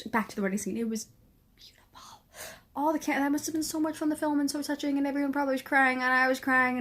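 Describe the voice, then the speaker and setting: Gushing, teary woman. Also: fairly high pitch. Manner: gushing, swears freely, trails off into soft whispers. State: teary from crying. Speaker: show reviewer. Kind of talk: casual spoken review.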